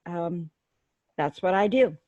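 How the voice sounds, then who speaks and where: A woman with a lower, mellow voice presents a webinar, walking through points in an orderly, explanatory manner. Her audio is dull and lo-fi, as on a video call. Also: slow pace, no echo.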